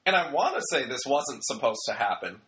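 A man's voice: medium pitch, sing-song, fairly quick, fairly bright tone. A young man casually recapping a wrestling show, rambling and joking and acting out bits of dialogue. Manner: chatty, rambling, joking, acts out quotes.

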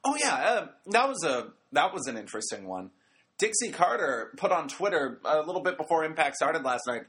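A man's voice: fairly high pitch, lively intonation, moderate pace, fairly bright tone. A man hosting an audio recap of a wrestling show, talking in a casual, rambling way with jokey asides. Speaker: wrestling podcast host.

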